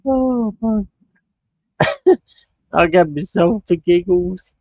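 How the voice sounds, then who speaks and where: A man's voice: high voice, animated, slow, darkish tone, no echo, lo-fi sound. A young man chatting casually on a live stream, sweary and prone to ranting. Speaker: streamer watching a football match.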